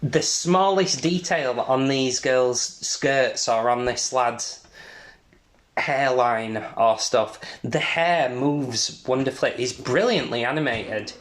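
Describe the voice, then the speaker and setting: A man's voice: mid-range voice, takes it slowly, reverberant. A man co-hosting a podcast, chatting about films with rambling enthusiasm and frequent laughter. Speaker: podcast co-host. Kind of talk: casual film chat.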